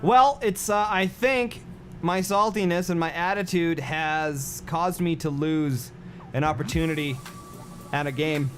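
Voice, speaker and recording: Male game streamer, voice sits a bit high, off-the-cuff chat with chat, repeats himself, music bed audible. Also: fairly even intonation, a little slow. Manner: rambling, reacts to chat with fillers and repeats. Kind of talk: casual livestream chat.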